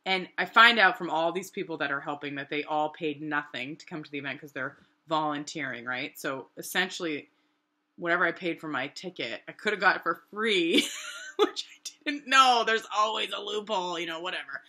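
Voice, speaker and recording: Middle-aged New woman, lively vlog storyteller with a slightly low, bright, forceful voice. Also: moderate pace. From New Hampshire, USA. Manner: animated, acts out quoted voices with big pitch jumps. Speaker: artist telling her story. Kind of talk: casual storytelling.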